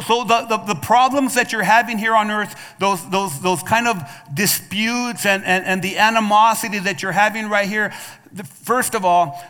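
A man's voice: high voice, bright, forceful tone. A male pastor preaching a sermon, calling out to the congregation for responses and often restarting his words with repeats. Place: church sanctuary. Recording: long hall reverb from a church.

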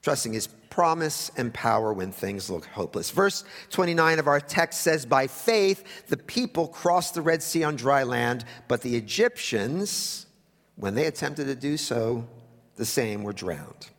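A man preaching a sermon in a conversational way, with wry asides, sometimes dropping to a hush for emphasis. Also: mid-range voice, animated, measured pace, in a large hall. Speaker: pastor.

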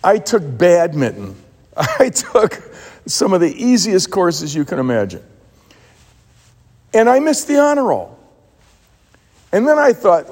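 A man's voice: sits high, wildly swooping pitch, takes it slowly, pauses often, darkish tone, in a large hall. A man preaching a sermon as a pastor, telling stories with emphatic repeated words.

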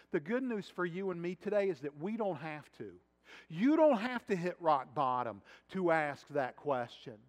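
A man delivers a sermon in a high voice, talking it through with his listeners and asking them questions. His words ring out with the long reverb of a big church sanctuary. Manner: conversational preaching with rhetorical questions. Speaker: pastor.

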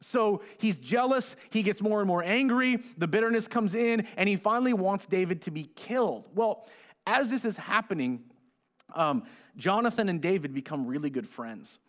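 A man preaching a relaxed sermon, with a high voice for a man. He retells the story in plain words and slips into the voices of the people he quotes. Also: moderate pace. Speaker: pastor. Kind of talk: conversational sermon.

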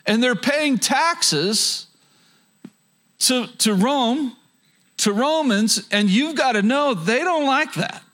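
A man's voice: very high voice, lively intonation, slow, a bit bright. A man preaching a sermon as pastor, earnest, with frequent stammered restarts and rhetorical questions to the audience.

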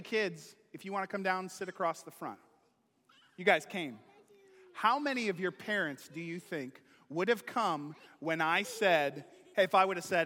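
A man, a pastor, giving a playful, animated children's sermon, talking straight to the kids. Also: sits high. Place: church sanctuary. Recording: long hall reverb.

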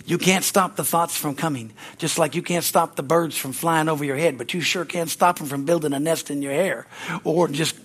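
A man's voice: on the high side, steady tone, moderate pace, a bit bright, slightly rough. An older man preaching a sermon as pastor, in a folksy, conversational way with frequent chuckles, speaking in a church. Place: church sanctuary.

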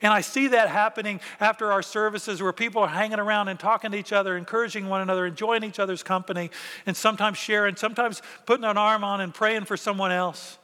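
Bright-voiced pastor preaching in a reverberant hall. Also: male voice, high voice, steady tone, fast. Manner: conversational, acts out quoted thoughts. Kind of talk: sermon. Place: church sanctuary.

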